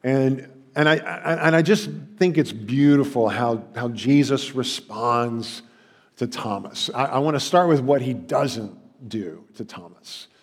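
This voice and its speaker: A man preaching a sermon in a church, conversational and halting, with restarts and mock voices. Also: medium pitch. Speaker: pastor. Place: church sanctuary. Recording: long hall reverb.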